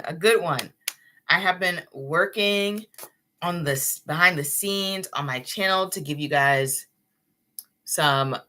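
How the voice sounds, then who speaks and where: A woman's voice: low-pitched, pushed and bright. A young woman hosting a live tarot stream, chatting casually with her viewers and laughing often.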